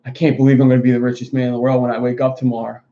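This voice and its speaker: A man voicing a crude, excitable guy in a bar joke, talking loudly and eagerly. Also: medium pitch, rapid-fire, lightly acted. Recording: dull lo-fi stream audio.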